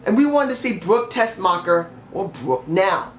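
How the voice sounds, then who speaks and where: A man's voice: sits high, expressive, a little slow, echoey room, slight background noise. Blunt ranting young man, slightly sick. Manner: ranting, blunt, mild swearing. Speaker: wrestling show reviewer. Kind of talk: opinionated solo review.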